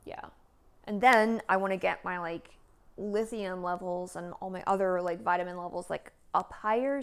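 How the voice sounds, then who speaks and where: A woman in her early thirties talking casually and at length in a vlog, meandering with lots of "like"s and sighs, sometimes sinking to a soft near-whisper. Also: mid-range voice. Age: 30s. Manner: chatty, meandering, many "like"s and sighs. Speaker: vlogger.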